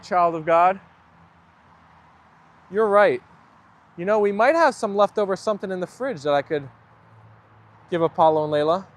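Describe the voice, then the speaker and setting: A man hosting a casual live stream, chatting away and reading viewer comments aloud, then answering them. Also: sits high.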